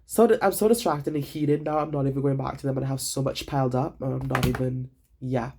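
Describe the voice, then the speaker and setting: Gravelly young man telling a dramatic storytime. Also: medium pitch, fairly quick, background noise. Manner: animated, dramatic retelling with lots of swearing. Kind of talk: casual storytime vlog.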